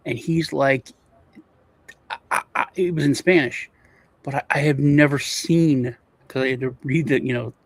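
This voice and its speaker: A man's voice: medium pitch, steady tone, normal speed, pauses often, dry recording. A man from Europe co-hosting a casual chat, rambling and repeating words as he restarts his sentences. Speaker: co-host.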